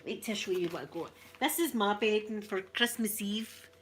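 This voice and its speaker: A Scottish woman hosting a relaxed live stream, chatting and giggling as she answers viewer comments. Her voice is bright and forward. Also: medium pitch, moderate pace, a little hiss or hum. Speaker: ASMR channel host. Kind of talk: casual live-stream chat.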